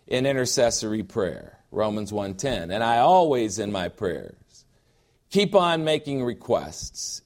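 Male pastor, lively sermon delivery, swinging pitch, slows for scripture. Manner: emphatic preaching, reads scripture low and slow.

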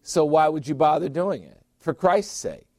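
A man's voice: a little high, normal speed, warm tone, no echo, studio quality. A middle-aged man preaching a sermon as pastor, emphatic, repeating phrases and putting questions to his listeners.

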